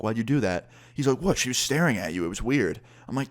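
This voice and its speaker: A young man casually telling a storytime vlog, animated and swearing freely. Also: mid-range voice, quick pace, few pauses. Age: young adult. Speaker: vlogger.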